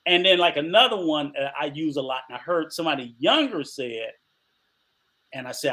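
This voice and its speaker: An older man co-hosting a podcast, chatting casually and spinning animated stories full of laughter and acted-out voices. His voice sits a bit high for a man and rings bright and forceful. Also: fairly quick. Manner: animated storytelling, laughs often, acts out voices. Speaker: podcast co-host.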